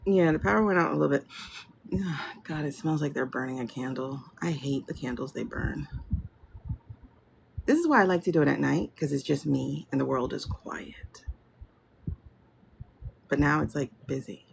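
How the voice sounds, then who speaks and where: A woman's voice: low voice, animated, moderate pace, gravelly, pauses often. A woman rambling casually to her livestream viewers from a room at home, greeting them by name as she chats. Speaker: livestream tarot reader. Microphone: phone livestream. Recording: lo-fi livestream with loud noise.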